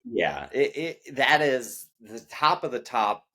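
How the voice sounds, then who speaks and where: A young man co-hosting an English lesson, explaining things in a measured, hesitant way with frequent "um"s. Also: mid-range voice, big pitch swings, pushed and bright. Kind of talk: casual conversational teaching.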